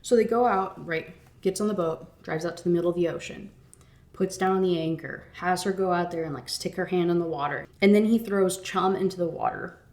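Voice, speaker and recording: A woman's voice: fairly low pitch, fairly quick, darkish tone. Young woman ranting about a book. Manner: chatty, swearing, full of "like". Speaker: book reviewer. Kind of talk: casual rant review.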